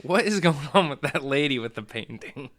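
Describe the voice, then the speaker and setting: A man's voice: fairly high pitch, lively intonation, normal speed, fairly bright tone. A man playing in a casual tabletop game, eagerly describing his character's actions and giggling. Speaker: player.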